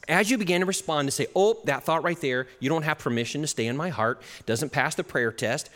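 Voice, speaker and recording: A man preaching a sermon as pastor, animated, with chuckles and shifts in pace. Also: on the high side, a little fast. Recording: long reverb of a hall.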